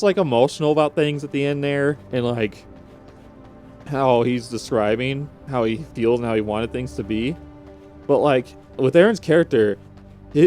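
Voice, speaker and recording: A man's voice: on the high side, a little mellow. A young man vlogging, rambling and emotional, with frequent restarts and rising exclamations. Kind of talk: unscripted emotional reaction vlog.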